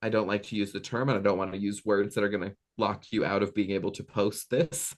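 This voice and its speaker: A man's voice: on the low side, quick pace. A man in his thirties, a medium talking casually as an interview guest, telling stories and acting out voices. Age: 30s. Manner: animated, acts out voices in anecdotes.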